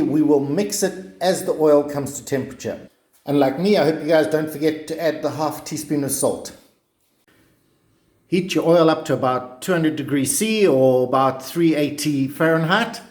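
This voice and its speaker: A man's voice: fairly high pitch, echoey room. A man giving a chatty, joking cooking demonstration. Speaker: cooking vlogger.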